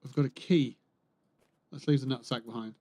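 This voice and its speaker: A man's voice: medium pitch, fairly even intonation, normal speed, a little mellow. A man chatting casually while playing a game on a livestream, muttering to himself and swearing dryly, close to his microphone. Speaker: streamer. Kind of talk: casual gameplay livestream commentary.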